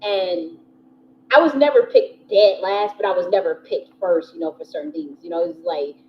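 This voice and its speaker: This American spiritual teacher and channel host speaks at a normal speed in a lowish voice. Telling a loose personal story, she laughs frequently, swears without hesitation and leans on "you know" and other fillers; faint hiss sits under a somewhat dull recording.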